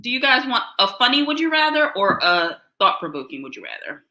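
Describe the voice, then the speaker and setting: A playful woman co-host in easy podcast chat. Her voice is high and bright with a lively, bouncing pitch. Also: a little fast. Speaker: podcast co-host asking the questions. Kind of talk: casual chat.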